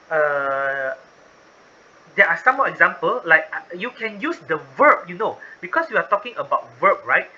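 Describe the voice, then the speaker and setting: Bright-voiced Malaysian man teaching Mandarin. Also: fairly high pitch, muffled recording, a little hiss or hum. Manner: explains patiently, repeats words slowly, mixes in Malay. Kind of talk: online language lesson.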